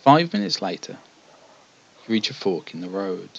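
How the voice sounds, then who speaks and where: In a let's play of a text adventure, this man's voice is low, gravelly, and husky, very animated, at a moderate pace, with the highs cut off. He reads the story evenly and fills the gaps between passages with hesitant chat.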